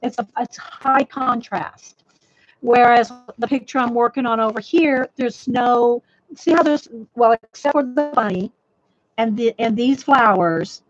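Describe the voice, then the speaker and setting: A woman chatting casually on a live stream as she teaches colored-pencil drawing, rambling with many restarts and talking to viewers by name; her voice crackles a little. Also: on the high side. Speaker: livestream art host. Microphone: desk microphone. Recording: dull dry lo-fi mic audio.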